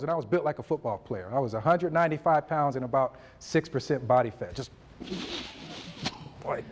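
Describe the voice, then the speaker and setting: A man in his forties giving a motivational speech at a university event, telling his story with animated delivery and acting out conversations. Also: fairly high pitch. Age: 40s. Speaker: motivational speaker.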